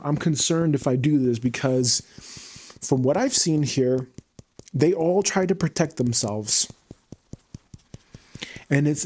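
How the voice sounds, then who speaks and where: Husky man venting on a livestream. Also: a little high, darkish tone. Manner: heated, profane venting. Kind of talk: unscripted livestream monologue.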